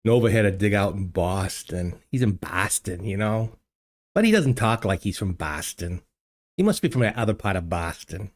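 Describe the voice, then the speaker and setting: With a lowish voice, lively intonation and a moderate pace, an older man hosts a casual home-studio livestream. He rambles with viewers in the live chat, full of fillers and restarts, over a desk microphone.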